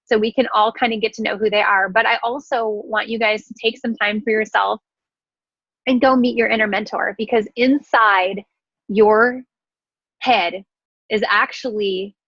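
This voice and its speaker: A woman leading her sales team in an energetic, frank motivational talk, with a casual swear here and there. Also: medium pitch, moderate pace, dry recording. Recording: dry, slightly dull recording.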